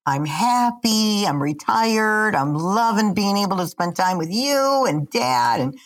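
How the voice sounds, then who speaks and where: A retired woman in her sixties, chatting casually as a podcast co-host in an animated, self-mocking way. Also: mid-range voice. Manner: animated, chatty, quick to laugh at herself. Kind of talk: casual chat.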